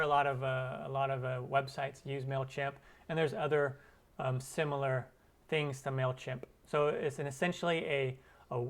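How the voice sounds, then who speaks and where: A man's voice: mid-range voice, fairly bright tone. A man hosting a cooking channel's live stream Q&A, chatting loosely with viewers and using many fillers. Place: lives in Arizona.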